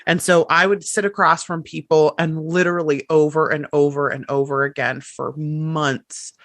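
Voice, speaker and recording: A woman's voice: sits low, fairly even intonation, moderate pace, a bit bright, dry recording. A woman, a writing coach, talking as a guest on a podcast in an emphatic way, repeating words for stress. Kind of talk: conversational podcast interview.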